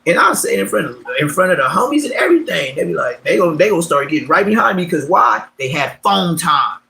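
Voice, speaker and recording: A man casually telling stories on a livestream, slangy and streetwise, swinging between loud bursts and mumbled asides. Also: high voice, sing-song, fairly quick, gravelly, poor audio. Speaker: livestream host.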